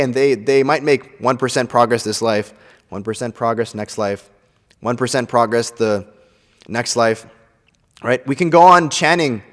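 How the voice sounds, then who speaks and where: A young man giving an earnest scripture class. He often ends his points with "right?" and acts out other people's words with sudden jumps in pitch. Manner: acts out quoted voices with big pitch swings. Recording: long reverb from a large hall.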